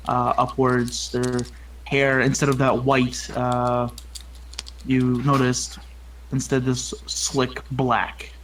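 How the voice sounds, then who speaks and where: A man narrating as game master for a tabletop role-playing game, halting and full of restarts. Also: mid-range voice, a little hiss or hum, rough recording. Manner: halting, lots of ums and restarts.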